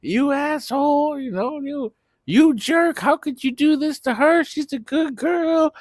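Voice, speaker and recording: A man putting on a squeaky falsetto to mimic a crowd of partygoers scolding someone. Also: measured pace, dry recording.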